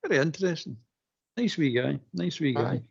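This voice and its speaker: Scottish man, husky, slightly high voice, casual, muffled. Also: animated, normal speed. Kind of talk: radio chat.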